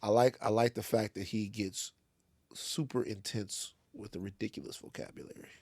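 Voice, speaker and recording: A man's voice: fairly low pitch, normal speed, no echo, studio quality. A man from Louisiana co-hosting a podcast, telling a story with lots of swearing and acted-out voices. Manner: animated storytelling, swearing, acting out other voices. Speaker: podcast co-host. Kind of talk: casual studio chat. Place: podcast studio.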